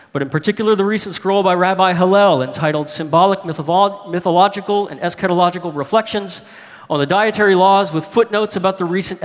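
A man's voice: high voice, close to an everyday voice. A man reading as a chatty young boy, echoing hall. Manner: chatty, plain-spoken storytelling. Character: young boy chatting in a letter to his uncle. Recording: long hall reverb.

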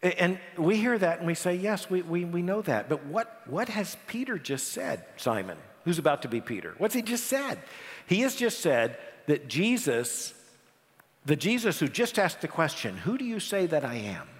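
Animated preacher in a reverberant hall. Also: male voice, high-pitched. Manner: animated, dramatic pauses, repeats words when emphasizing. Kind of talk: sermon.

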